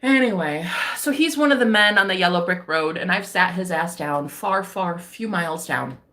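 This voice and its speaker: A woman's voice: fairly low pitch, expressive, moderate pace, bright, forceful tone. An American woman chatting playfully on a livestream in a put-on English accent, rambling and joking. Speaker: livestream host. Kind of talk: casual chat.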